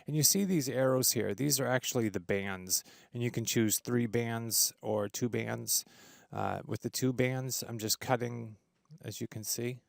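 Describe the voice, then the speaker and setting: A man hosting a casual audio software tutorial, enthusiastic and full of fillers and restarts. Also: medium pitch, unhurried, vocal fry, no echo, clean studio sound. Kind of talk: screen-recorded software tutorial. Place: home studio with treated room.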